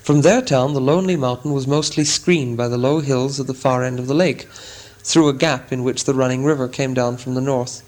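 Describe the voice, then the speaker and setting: A man reading a storybook chapter aloud as a narrator, in a measured, dramatic way. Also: mid-range voice, a little mellow, low-quality recording. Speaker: audiobook narrator. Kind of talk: scripted narration.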